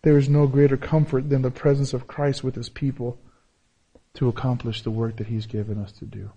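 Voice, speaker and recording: A man preaching a sermon as pastor, repeating key phrases and swinging between loud, emphatic peaks and low, soft passages. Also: flat delivery, a little fast, lo-fi sound.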